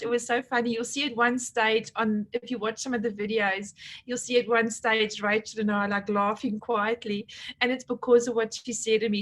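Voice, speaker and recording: A woman's voice: a little high, a bit bright. A middle-aged woman leading her team, chatting casually as she hands out awards and retells conversations. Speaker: team leader presenting awards.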